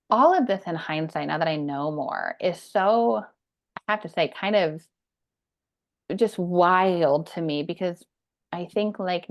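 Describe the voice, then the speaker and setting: A woman in her thirties, a podcast guest, telling her personal story in an earnest, emphatic way. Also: deep voice. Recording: dull lo-fi sound.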